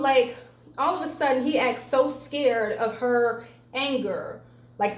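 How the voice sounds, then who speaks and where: A woman's voice: a little high, slow pace. A young woman telling a story on her vlog, casual and profane, acting out quotes along the way. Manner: profane, animated retelling with acted-out quotes. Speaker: vlogger. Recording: echoey room, faint ambience.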